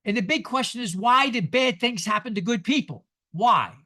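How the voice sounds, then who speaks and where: A man in his seventies giving a sermon, emphatic and lively, asking the congregation rhetorical questions. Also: very high-pitched, moderate pace. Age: 70s. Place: church sanctuary.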